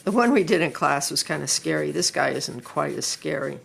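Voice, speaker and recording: Middle-aged woman art teacher: low, a bit gravelly, relaxed classroom chat while she draws. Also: slight background noise. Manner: chatty, unhurried, thinks aloud while drawing. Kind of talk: drawing lesson talk.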